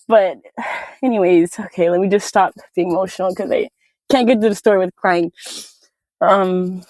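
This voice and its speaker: A woman in her twenties from California, a guest speaker giving an emotional personal testimony, halting and tearful, with many fillers. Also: medium pitch, fairly even intonation, darkish tone, no room sound. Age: 20s. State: crying.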